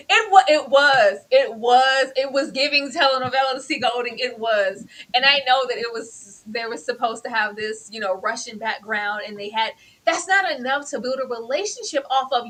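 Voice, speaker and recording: Woman co-host on a live stream, bright high voice, theatrical, does little impressions. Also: normal speed, hardly any pauses. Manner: theatrical and animated, mimics people for laughs. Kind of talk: casual live-stream chat.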